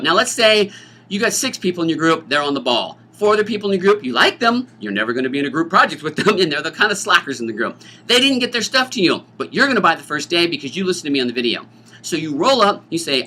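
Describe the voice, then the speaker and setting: A middle-aged man, a teacher, explaining a school dance's rules to students in an animated, joking way, often acting out student voices. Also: fairly high pitch. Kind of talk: informational talk to students.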